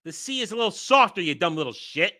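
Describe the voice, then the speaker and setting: A man riffing on video clips in reaction commentary, swinging his voice wildly up and down. His tone is bright and cutting, and he slips into profane, mock-outraged rants. He sits a little higher than most men. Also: animated, fast talker.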